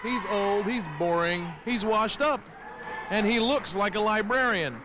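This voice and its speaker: A man's voice: high voice, a little slow, background noise. A man doing brash, taunting color commentary for a wrestling show, boasting and mocking the wrestlers.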